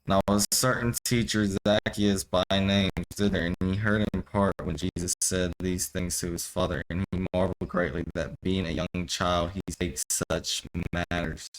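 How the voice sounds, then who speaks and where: A man's voice: low voice, fairly even intonation, poor audio. A young man reading an old scripture aloud, stumbling over the archaic wording and breaking off into loose, profane slang commentary. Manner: reads archaic text haltingly, then riffs in loose profane slang.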